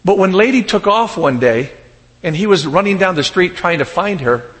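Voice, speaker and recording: Man, pastor, sermon, high voice, lively storytelling, reverberant hall. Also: normal speed. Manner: animated storytelling, shouting in character. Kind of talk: sermon with humorous stories.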